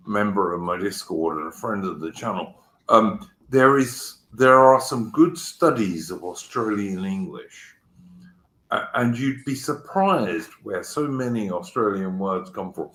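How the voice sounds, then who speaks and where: A man with a lowish voice hosts a casual live history stream, explaining points and picking up comments from his viewers. His voice rings in an echoey room. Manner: answers chat comments, explanatory.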